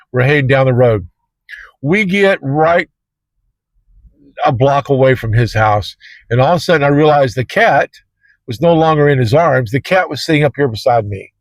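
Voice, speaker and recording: A man's voice: mid-range voice, no room sound, poor audio. A man who drives for a rideshare service tells a story to camera in a casual, rambling way, full of fillers and restarts.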